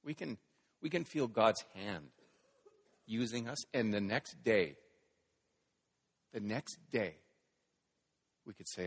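A man preaching a sermon, dramatic, moving between hushed quiet lines and loud scripture reading. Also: on the low side, expressive, slow pace, pauses often, breathy edge. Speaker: pastor. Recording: long reverb of a large hall.

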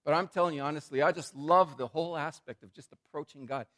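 A man preaching a sermon as a pastor, in a conversational, animated way with frequent repetitions. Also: a little high, fast talker.

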